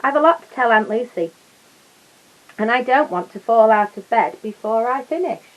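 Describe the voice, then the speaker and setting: A woman's voice: fairly high pitch, animated, moderate pace, lo-fi sound, natural voice. A woman voicing a polite, earnest young bear in a storybook read-aloud, in a slightly raised voice.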